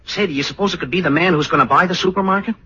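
A man's voice: high-pitched, very fast, sharp tone, husky, muffled recording, full character voice. An actor in a 1940s radio comedy playing a bumbling, boastful young suitor who wisecracks and chuckles at his own jokes. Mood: chuckling. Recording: hissy old radio broadcast recording.

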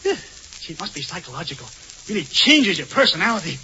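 Bright, high-voiced radio comedian. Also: male voice, sing-song, fast, a little hiss or hum. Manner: playful, mock-suave. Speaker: comedian host. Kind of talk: 1940s radio comedy acting. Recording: lo-fi old radio recording.

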